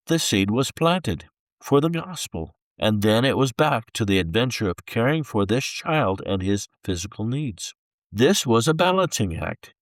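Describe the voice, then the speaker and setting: A man reading a chapter of a faith-based book aloud in an expressive, unhurried storytelling manner. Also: medium pitch, no room sound, studio quality. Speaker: book reader.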